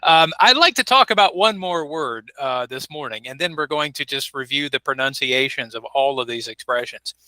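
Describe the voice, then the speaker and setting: A man's voice: medium pitch, lively intonation, normal speed, hardly any pauses, bright, forceful tone, no room sound, low-quality recording. A man teaching an online English class, patiently modeling pronunciation. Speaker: ESL teacher. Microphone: video call.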